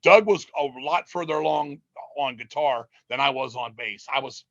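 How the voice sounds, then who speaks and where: Profane, rambling man with a bright voice. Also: mid-range voice, moderate pace, dry recording, dull audio. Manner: profane, rambling, animated storytelling. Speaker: interviewee, metal musician. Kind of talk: casual storytelling interview.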